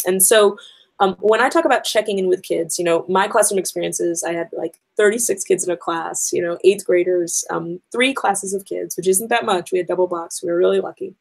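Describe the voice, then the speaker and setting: A woman's voice: fairly low pitch, gravelly, rough recording. A woman educator giving a conversational conference talk to teachers, explaining her points step by step with frequent ums.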